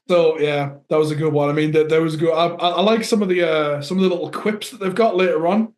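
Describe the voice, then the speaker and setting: A man's voice: fairly high pitch, steady tone, brisk, darkish tone. A man with a northern English accent, chatting casually on a podcast and laughing as he retells film scenes. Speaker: podcast co-host. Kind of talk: casual chat. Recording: echoey room.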